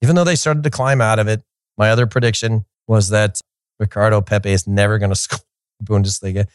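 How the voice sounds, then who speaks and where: Man, soccer show host, casual rambling commentary, lowish voice, dry close sound. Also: fairly quick, smooth, no room sound. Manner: rambling and animated, with frequent restarts.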